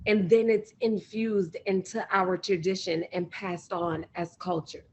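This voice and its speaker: A woman's voice: lowish voice, unhurried, breathy edge, rough recording. A woman speaking as a podcast guest, telling stories casually and acting out the conversations she recounts. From United States. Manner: animated storytelling, acts out quoted exchanges. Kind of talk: casual interview chat.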